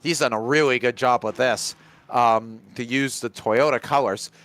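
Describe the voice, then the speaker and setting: A man giving live commentary on a sim race, chatty and getting excited in close battles. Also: medium pitch, moderate pace, no echo. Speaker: lead commentator.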